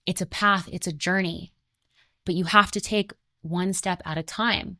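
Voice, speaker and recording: A woman's voice: on the low side, steady tone, a little slow, creaky, pushed and bright, no echo, clean studio sound. A woman in her twenties giving an earnest spiritual motivational talk, emphatic and conversational, repeating her key points. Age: 20s.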